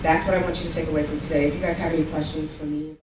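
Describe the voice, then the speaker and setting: A woman's voice: sits low, level tone, racing. A woman giving an earnest, encouraging keynote speech to young people in an event hall. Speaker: keynote speaker. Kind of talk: motivational speech. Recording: echoey hall from far off, noisy.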